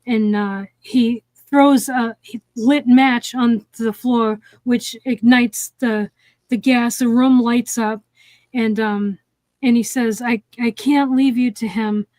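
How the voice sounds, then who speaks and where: Female co-host, slightly high voice, rambling plot recap, dry close mic sound. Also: fairly even intonation, slow pace, a little mellow, no echo. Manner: rambling, lots of "like" and "um", restarts. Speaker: co-host of a movie review stream. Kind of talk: casual chat retelling a film plot.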